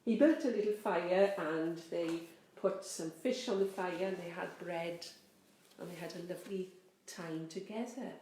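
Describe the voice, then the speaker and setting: Woman rector, children's storyteller, slow and gentle; roomy sound. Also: fairly low pitch. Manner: gentle, expressive, drawn-out. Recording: roomy, faint background noise.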